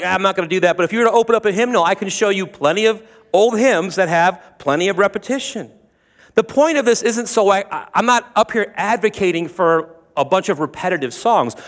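A man's voice: high voice, big-room sound. A man preaching a sermon, retelling scripture in a conversational, joking way with asides to the congregation. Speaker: pastor.

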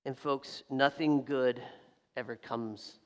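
A man preaching a sermon as a pastor, telling a story in a lively way and acting out the voices of people in it. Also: mid-range voice, slow. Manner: animated storytelling, acts out quoted voices, laughs. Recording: long hall reverb.

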